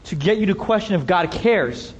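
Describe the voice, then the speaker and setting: A male pastor, high-pitched and expressive, preaches a passionate sermon aimed squarely at his congregation. He talks at a normal speed with a slightly rough voice, and the highs are cut off. The church sanctuary gives a long reverb like a big hall.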